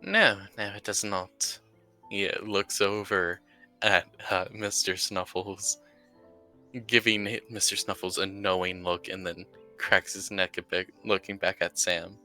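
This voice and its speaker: A man describing his character's actions in a tabletop role-play, with frequent "uh" pauses. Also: deep voice, little pitch movement, sharp tone, soft background music. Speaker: tabletop game player.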